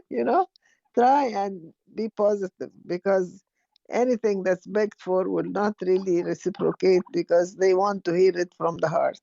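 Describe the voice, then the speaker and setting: Older Egyptian woman, gravelly and dark. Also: medium pitch, dry recording, muffled recording. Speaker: guest speaker. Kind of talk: casual online discussion.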